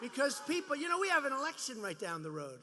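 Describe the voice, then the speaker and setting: A man's voice: very high-pitched, big pitch swings, fast, in a large hall, noisy background. A man in his seventies giving a rambling, boastful, mocking campaign rally speech, repeating his phrases. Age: 70s. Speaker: politician speaking at a rally. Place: large rally venue.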